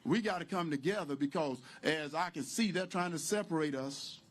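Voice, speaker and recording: A man giving a campaign rally speech outdoors, preacher-like, building to loud, emphatic lines. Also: on the high side, moderate pace. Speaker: political candidate.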